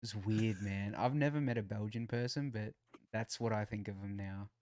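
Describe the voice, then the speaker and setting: A man's voice: lowish voice, moderate pace, darkish tone, dry recording, studio quality. A man co-hosting a podcast, chatting casually, laid-back, swearing and joking. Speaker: podcast co-host. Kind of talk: casual chat.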